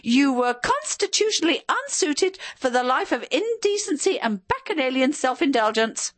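Ghost wife, shrill and screeching high, triumphant nag with a lively, swooping delivery. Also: female voice, normal speed, no echo. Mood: scolding. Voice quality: shrill, high-pitched, piercing. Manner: scolding, triumphant, nonstop chatter.

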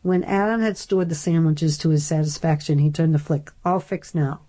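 Low-voiced woman narrating an audiobook. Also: a little fast, mellow.

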